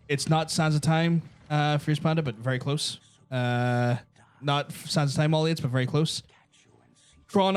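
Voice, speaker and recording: A man's voice: on the high side, clean tone. A man with a Northern Irish accent hosting a live stream, chatting casually, swearing and reading out viewers' guesses. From Northern Ireland. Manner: banters and reads out viewers' guesses, swears freely. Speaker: host.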